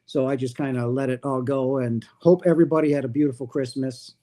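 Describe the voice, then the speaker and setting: A man hosting his own livestream, telling a personal spiritual story in a casual, animated way and acting out what people said. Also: mid-range voice, fairly quick. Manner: animated, acts out quoted dialogue. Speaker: livestream host.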